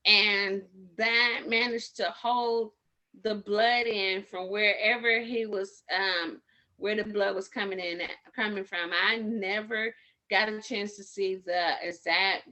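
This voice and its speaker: A woman with a medium-pitched, sharp-toned voice gives an informal training talk to community medics. She rambles and corrects herself while sharing personal stories from the street in casual slang.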